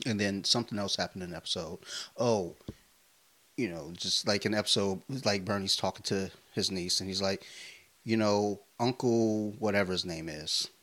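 A man in his thirties co-hosting a podcast, telling stories in a casual, profane, animated way. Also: deep voice, normal speed. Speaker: podcast co-host. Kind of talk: casual chat.

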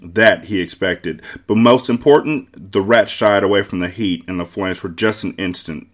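A man hosting a book club podcast, reading a novel aloud with measured storytelling. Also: deep voice.

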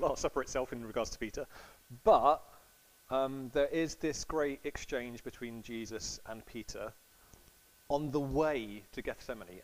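A man's voice: mid-range voice, low-quality recording. A man giving a casual, chatty sermon to a congregation, acting out quotes with laughs. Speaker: preacher.

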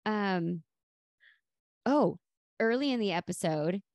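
A woman's voice: mid-range voice, slow, dry recording, muffled recording. A woman co-hosting a podcast, chatting casually about a sitcom episode and acting out quoted lines. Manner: lively, acts out quoted lines with laughter. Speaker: podcast co-host.

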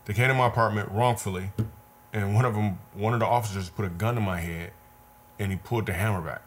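A man's voice: fairly low pitch, fast talker, slight background noise. A man, a comedian guest, telling a personal story in an earnest, repetitive, vivid way. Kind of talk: conversational storytelling.

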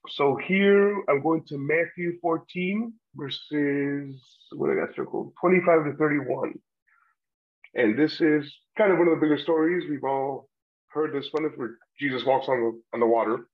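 A man with a voice on the high side speaks a little slowly as he casually leads a Bible discussion on a podcast, rambling somewhat with fillers and the occasional laugh. The lo-fi audio is slightly muffled.

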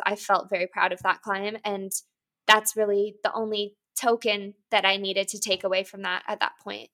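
A woman's voice: mid-range voice, sharp tone. A woman in her twenties, a climber, talking openly in an interview in a candid, thoughtful way, often saying "you know" and "like". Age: 20s. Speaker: guest, competitive climber. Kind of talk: reflective interview talk.

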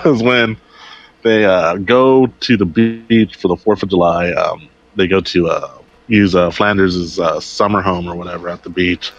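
A man's voice: low voice, steady tone, unhurried, no echo. A man casually retelling a TV episode on a podcast, rambling along and quoting characters' lines. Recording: dull lo-fi recording.

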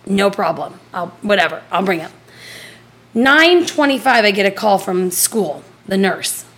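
A woman's voice: mid-range voice, measured pace. A woman in her thirties, a podcast co-host telling a casual story, acting out the dialogue with casual swearing. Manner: animated, acts out quoted dialogue.

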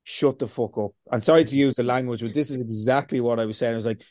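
Man, interview guest, animated storyteller, dry close sound. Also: mid-range voice, very fast, dry recording. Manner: animated, swears freely, quotes himself. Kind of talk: casual storytelling.

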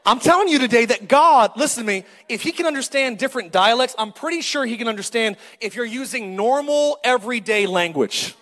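A middle-aged male pastor preaching a lively, joking sermon and calling out to the congregation. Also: very high voice, brisk, few pauses, big-room sound. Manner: animated, joking, calls for crowd response.

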